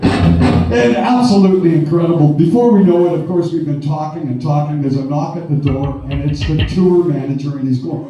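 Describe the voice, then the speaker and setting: Rock frontman from Canada, onstage banter, cursing and chuckling, mellow-toned voice, echoey club sound heard from across the room. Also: fairly high pitch, brisk, far from the mic, dull audio, faint music behind. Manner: rowdy, profane and chuckling. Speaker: band frontman. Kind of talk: onstage storytelling between songs. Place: live music club stage. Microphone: stage vocal mic through the PA.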